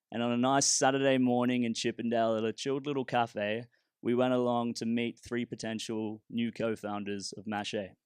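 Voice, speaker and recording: A man telling a story with a casual, self-deprecating humour. His voice sits at a middle pitch and comes across smooth and resonant. The sound is close and dry. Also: no room sound. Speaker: startup founder and speaker. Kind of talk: humorous personal storytelling talk.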